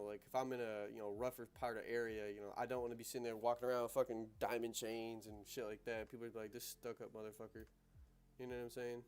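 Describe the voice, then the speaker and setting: A young American man hosting a casual livestream, talking in loose slang, rambling through asides and laughing easily. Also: medium pitch. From United States. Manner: slangy and loose, peppered with "bro" and "you know what I'm saying". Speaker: livestream host.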